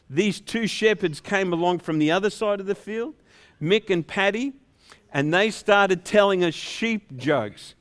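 Lively, playful male pastor telling stories. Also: high-pitched, a little slow, clean tone. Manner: playful storytelling, acting out shepherds' dialogue. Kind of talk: sermon.

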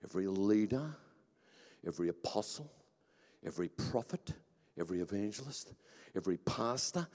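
A man preaching a sermon with passion, swinging between shouting and hushed emphasis. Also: low-pitched, lively intonation, normal speed, pauses often. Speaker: pastor. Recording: long hall reverb.

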